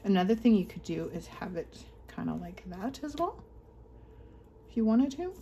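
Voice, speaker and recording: A woman chatting casually through a craft tutorial, thinking aloud as she works and often clearing her throat. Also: medium pitch, sing-song, moderate pace, mellow, dull audio. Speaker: craft vlogger.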